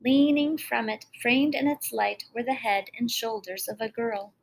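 A woman reads a fairy tale aloud with dramatic, expressive storytelling. Her voice sits a little high and rises with the action. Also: normal speed, vocal fry, a little hiss or hum, poor audio. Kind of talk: storybook narration.

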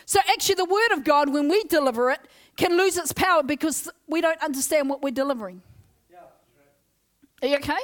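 A young woman with a very high voice preaches an energetic Pentecostal sermon to a church congregation. She is loud and excitable, leading call-and-response and urging the crowd along. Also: fairly quick. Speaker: guest preacher. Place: church service.

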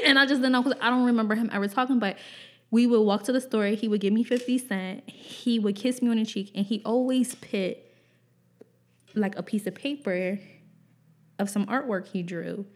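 A young woman hosting a casual podcast, telling a profane, laughing childhood story and acting out the people in it. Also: on the high side. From Pennsylvania. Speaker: podcast host.

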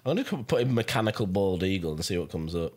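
A man's voice: sits low, expressive, fast. A man co-hosting a podcast in sweary, bantering casual chat. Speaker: podcast co-host.

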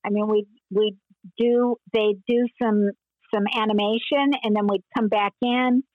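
An older woman and former child actress, telling stories in an interview with meandering pauses and frequent laughs. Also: medium pitch, fairly even intonation, no echo, phone-quality sound. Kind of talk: reminiscing interview.

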